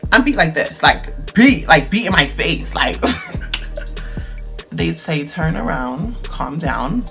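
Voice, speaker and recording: A man of twenty-one telling a story on his video blog, dramatic and animated, full of slang. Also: high-pitched. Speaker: vlogger. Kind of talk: storytime vlog.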